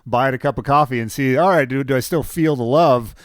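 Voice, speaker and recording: A man's voice: medium pitch, fast, no room sound, clean studio sound. A man co-hosting a casual radio talk show, explaining points plainly with the odd joke. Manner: explanatory, joking. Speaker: co-host.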